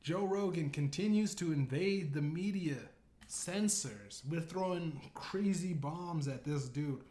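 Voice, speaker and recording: Guy doing a grizzled scarred old official, slow and deliberate, echoey room. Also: a little high, dark tone, close to an everyday voice. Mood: briefing. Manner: slow, deliberate briefing delivery. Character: grizzled older scarred male conspiracy official. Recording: roomy echo.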